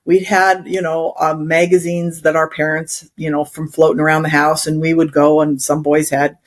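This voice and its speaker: A woman's voice: deep voice, level tone, moderate pace. Middle-aged woman from Wyoming; chatty, rambling guest who laughs easily. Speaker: interview guest, instructional designer. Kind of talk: casual storytelling in conversation.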